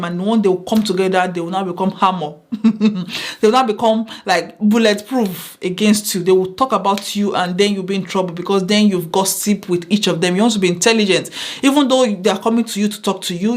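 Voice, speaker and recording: Woman, mid-pitched, earnest advice vlogger who drives points home by repetition. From Nigeria. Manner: earnest, repeats phrases for emphasis. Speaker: vlogger giving workplace advice. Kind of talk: casual advice talk to camera.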